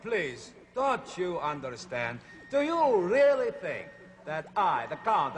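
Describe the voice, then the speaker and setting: A man's voice: high voice, a bit bright. A man hosting a horror comedy show, talking in a mock-grand, exasperated way.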